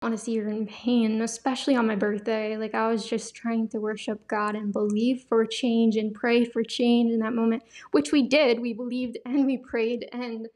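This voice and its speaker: A young woman hosting a podcast, sharing a personal faith testimony in a soft, halting, emotional way with many pauses. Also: a little high, level tone. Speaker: podcast host. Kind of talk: personal testimony, casual talk.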